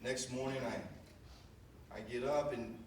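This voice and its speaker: A man tells a folksy, rambling story at a memorial service, his voice sitting at an ordinary middle pitch. He is picked up from far off in an echoey room, and steady noise runs behind him. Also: takes it slowly. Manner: folksy, rambling, with many fillers. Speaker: son giving a memorial eulogy. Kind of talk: storytelling eulogy.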